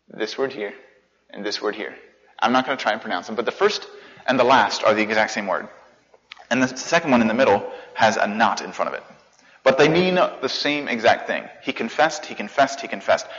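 A man's voice: fairly low pitch, a bit bright. A man teaching a Bible study in a casual, conversational way, repeating phrases for emphasis and using many fillers. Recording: reverberant hall, dull lo-fi sound.

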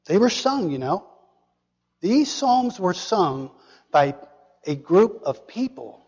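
A man preaching a sermon, asking the congregation questions and dropping to a hushed whisper for emphasis. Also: sits high, big pitch swings, slow, breathy edge, long reverb tail, lo-fi sound. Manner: dramatic, drops to a hushed whisper for emphasis, asks the audience questions.

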